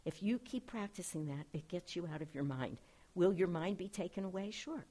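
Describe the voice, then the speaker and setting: Low, husky woman giving a spiritual talk. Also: animated, moderate pace. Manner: earnest, gentle, reads quotations aloud. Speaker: spiritual director. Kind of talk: informal spiritual class talk.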